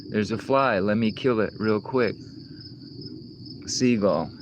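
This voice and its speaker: A man's voice: fairly low pitch, takes it slowly, background noise. A man hosting a casual livestream outdoors, rambling and cursing as he answers chat comments. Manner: rambling, profane, talks back to chat comments. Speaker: livestream host reading chat. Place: outdoors among insects.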